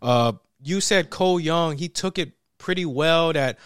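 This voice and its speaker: A young man in casual chat, reviewing a film with a friend, lively and laughing, acting out characters in quoted voices. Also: on the high side, unhurried, clear, resonant tone, dry recording, studio quality. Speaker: podcast co-host reviewing a film.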